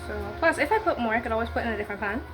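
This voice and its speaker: A woman's voice: fairly high pitch, animated, rapid-fire, over music. A woman chatting casually as she bakes, with cheeky slangy asides. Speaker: baking vlogger. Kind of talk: casual baking vlog.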